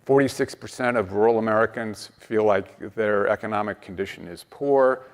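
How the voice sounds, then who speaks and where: A man with a low voice speaks as a panelist, laying out his points in a measured, candid way. A long reverb trails his words through a large hall. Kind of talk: panel discussion.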